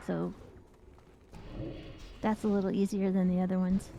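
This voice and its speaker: A woman's voice: mid-range voice, steady tone, moderate pace, gravelly, pauses often, dark tone, dull audio, slight background noise. A woman chatting casually during a group game session, explaining things at length and laughing often. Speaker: gaming group member. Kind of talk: casual chat while gaming.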